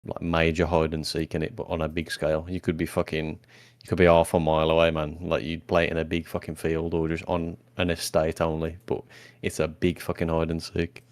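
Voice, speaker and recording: A man's voice: very deep voice, completely flat delivery, a little fast, no room sound. A man, co-hosting a podcast, talking in a blunt, sweary way. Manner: blunt, sweary, says "innit". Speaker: podcast co-host. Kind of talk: casual chat.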